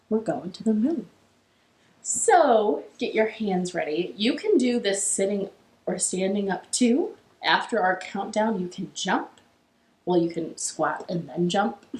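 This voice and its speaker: A woman hosting a children's storytime, reading a story aloud and cheering the kids on in an animated, encouraging way. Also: mid-range voice. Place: living room. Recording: echoey living room.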